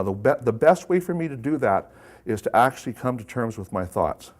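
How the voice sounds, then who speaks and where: A man presenting a live workshop to an audience, talking conversationally and putting questions to the room. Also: medium pitch.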